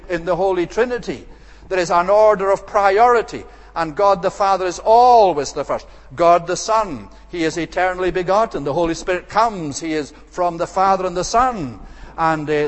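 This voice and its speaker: A man delivers an expository sermon and stresses his points with repeated, emphatic phrases. His voice sits a little high for a man. It rings out with a long reverb, as in a church sanctuary. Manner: emphatic, repetitive rhetorical phrasing. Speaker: preacher.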